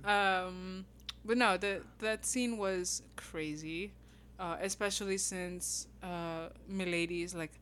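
A woman from New York co-hosts a book podcast in a lively, chatty way and laughs easily. Her voice has a bright, crisp edge. Faint room sound sits behind her. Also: on the low side, a little hiss or hum. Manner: animated, quick to laugh. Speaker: podcast co-host. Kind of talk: casual book discussion.

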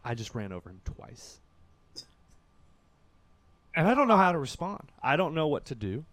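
A man from Kentucky, a podcast guest telling a story in casual talk, swinging from loud bursts to hushed, low stretches. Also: big pitch swings, normal speed, no room sound.

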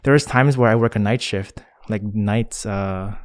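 A young man talking as a podcast guest in relaxed, rambling casual chat, often saying "man" and laughing. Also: lowish voice, normal speed, smooth, no room sound.

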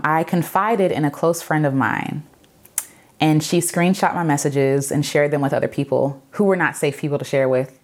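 Low-voiced woman telling her story. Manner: earnest, reflective, many fillers and repeated phrases. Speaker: vlogger sharing her own story. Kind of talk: personal testimony to camera.

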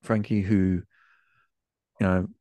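A man's voice: low voice, level tone, takes it slowly, mellow, no echo. A man hosting a podcast, asking long, rambling questions full of restarts and small affirmations. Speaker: podcast host. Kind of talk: interview questions.

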